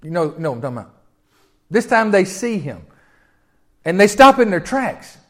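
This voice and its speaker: A man's voice: high voice, big pitch swings, normal speed. A male pastor preaching a sermon in a conversational, storytelling way, often repeating words and rising in sudden swells.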